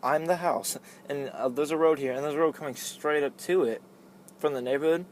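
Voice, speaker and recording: A young man with a slightly high voice tells a story to friends in a loose, rambling way, leaning on "like" and laughing often. His voice comes over faint street noise outdoors. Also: brisk. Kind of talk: casual storytelling chat.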